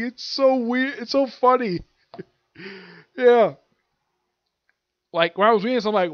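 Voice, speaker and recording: A man's voice: sits high, animated, normal speed, no room sound, dull audio. A man reviewing an anime and manga chapter in a casual, rambling way, stopping to hunt for names and acting out the characters' lines.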